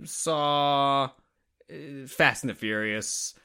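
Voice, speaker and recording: A man co-hosting a casual podcast, talking about movies in an animated, rambling way and swearing freely. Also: medium pitch, very slow, clear, resonant tone. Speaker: podcast co-host. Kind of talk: casual movie review chat.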